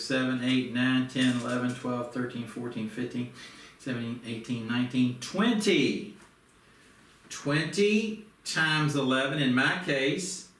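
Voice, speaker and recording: A man teaching a speed reading lesson, giving an energetic coach-like pep talk and counting aloud. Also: medium pitch. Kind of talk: motivational lesson. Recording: roomy, distant from the mic.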